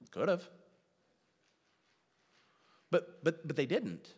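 A man preaching a sermon as a pastor, animated and full of rhetorical questions, with wry self-deprecating asides. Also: sits high. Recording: long reverb of a large hall.

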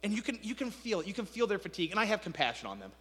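A male pastor with a high voice preaches in a casual, talky way, asking his listeners questions. His voice rings with long reverb through a large sanctuary. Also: big pitch swings, rapid-fire, fairly bright tone, husky. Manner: conversational preaching, rising to fervent emphasis. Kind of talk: sermon.

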